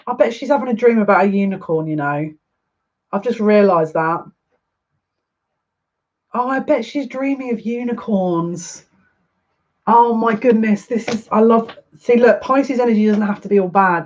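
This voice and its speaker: Gushing, emotional woman psychic hosting a live card reading; mid-range voice, slightly muffled stream audio. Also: mid-range voice. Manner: excitable, gushing, easily overwhelmed.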